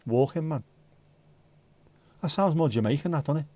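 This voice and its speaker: A man's voice: fairly high pitch, lively intonation, normal speed, warm tone, no room sound. A tired man hosting a casual livestream, rambling and reacting to chat with the odd swear word. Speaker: livestream host.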